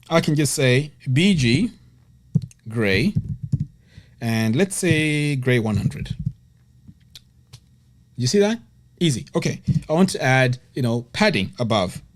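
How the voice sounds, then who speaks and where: A man teaching web design in a screen-recorded tutorial, talking straight to the viewer and checking in with frequent "okay?" and "right?". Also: mid-range voice.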